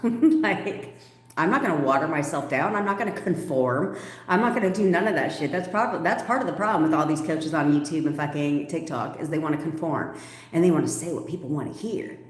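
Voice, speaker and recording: A woman's voice: low-pitched, a little fast. Sassy lady coach on a livestream, cussing and cackling, kinda echoey room. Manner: blunt, profane, animated, laughs often. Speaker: manifestation coach.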